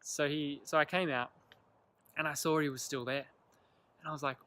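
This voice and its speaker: A young man telling a personal story to camera in an earnest, animated way, acting out the lines of the people in it. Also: on the high side, normal speed, pauses often, a little hiss or hum. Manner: earnest, animated retelling with quoted dialogue. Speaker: vlogger.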